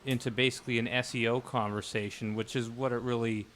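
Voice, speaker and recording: A man's voice: medium pitch, flat delivery, fast, fairly bright tone. A man on a podcast panel who explains ideas through analogies. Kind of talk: casual podcast discussion.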